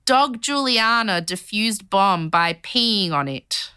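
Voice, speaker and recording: A woman co-hosting a podcast, chatting casually and telling stories in an animated way. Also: mid-range voice, slow, clean tone, dry recording, studio quality. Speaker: podcast co-host. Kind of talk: casual chat, storytelling.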